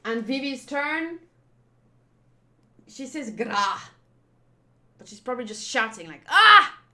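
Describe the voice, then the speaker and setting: A woman's voice: high-pitched, lively intonation, unhurried, a bit bright. A young woman in her twenties hosting a casual manga readthrough, chatting and reacting as she reads. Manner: chatty, thinks aloud, reacts. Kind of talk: casual reading commentary.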